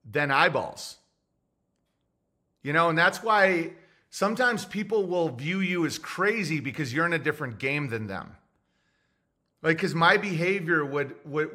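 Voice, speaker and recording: A man's voice: on the high side, sharp tone. A male livestream host in a casual monologue, reading viewer messages and giving blunt, opinionated takes.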